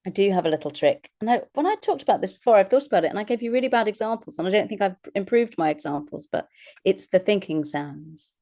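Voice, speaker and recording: An actress and voice artist chats casually as an interview guest, laughing often and poking fun at herself. Her medium-pitched voice is mellow and expressive, and she talks fast.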